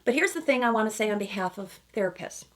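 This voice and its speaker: A woman's voice: medium pitch, animated, fast talker. A woman couples therapist giving emphatic reaction commentary, often checking in with asides like "okay?" and "right?". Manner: emphatic, acts out quoted lines in other voices.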